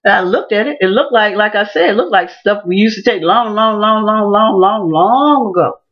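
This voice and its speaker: A woman chats to the camera, telling her story with animated energy and acting out the voices of the people in it. Her voice sits at a middle pitch. The audio is a bit dull and lo-fi. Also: normal speed, slightly rough. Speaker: teacher and vlogger. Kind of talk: casual storytelling vlog.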